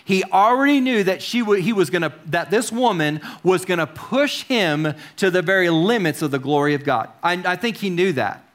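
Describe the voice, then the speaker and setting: Guy preaching in church, kinda high voice, chatty, keeps quizzing the crowd. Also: animated, moderate pace, hardly any pauses. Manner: chatty, asks the congregation questions, wry asides. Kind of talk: conversational sermon.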